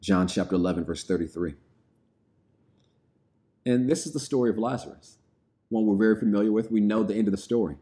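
Low, mellow-voiced male preacher. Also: brisk, pauses often. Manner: reads scripture aloud then explains it plainly. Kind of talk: sermon.

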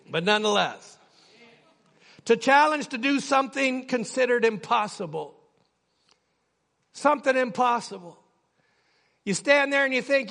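An older man, a pastor, preaching a sermon with passion that builds toward near shouting. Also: very high-pitched, moderate pace, vocal fry.

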